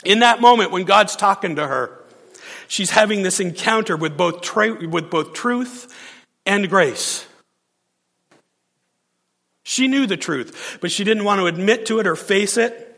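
A man's voice: sits high, moderate pace, gravelly, in a large hall. A man preaching a sermon as a pastor, telling a story with frequent laughs and acting out the quotes. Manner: animated storyteller, laughs often, acts out quotes.

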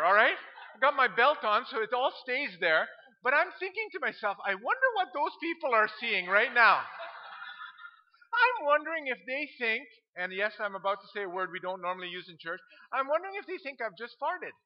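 A middle-aged man who is a pastor, telling funny stories from the pulpit in an animated way and laughing at his own tales. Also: very high-pitched, a little hiss or hum. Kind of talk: humorous sermon storytelling. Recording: dull lo-fi sound.

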